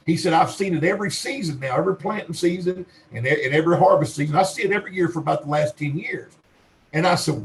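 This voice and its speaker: A man's voice: sits high, slight background noise, poor audio. A middle-aged man with a Western Kentucky accent, a researcher telling folksy, rambling stories on a podcast and acting out the people he quotes. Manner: folksy rambling storyteller, acts out quoted dialogue. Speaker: Bigfoot researcher guest. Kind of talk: podcast interview storytelling.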